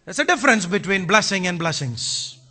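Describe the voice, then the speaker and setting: A man preaches to his congregation in a notably high, very bright voice. His pitch swings widely as he moves between quiet asides and loud, shouted emphasis. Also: very animated, fairly quick, husky. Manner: preaching with bursts of shouting, mixes in Malayalam phrases. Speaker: pastor. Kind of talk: sermon.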